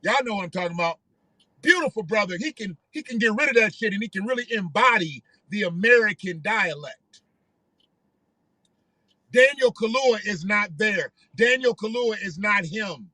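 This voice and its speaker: A man's voice: high voice, expressive, moderate pace, pushed and bright, no echo. A man hosting a live stream, giving rambling, profane commentary and often repeating himself. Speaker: livestream host.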